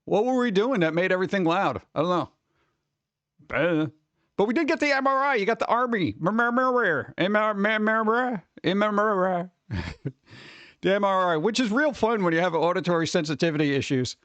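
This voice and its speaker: High-pitched guy livestreaming, rambly and excitable, dry close mic. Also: a little fast, no echo, dull audio. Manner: excitable and rambling, laughs often. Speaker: livestream host. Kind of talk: casual chat with live viewers.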